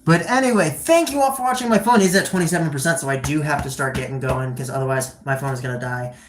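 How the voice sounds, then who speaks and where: Low-voiced woman streamer, loose and rambling. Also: fast talker, a little hiss or hum. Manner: loose, rambling, swears casually. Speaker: livestreamer. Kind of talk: casual livestream chat. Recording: echoey room.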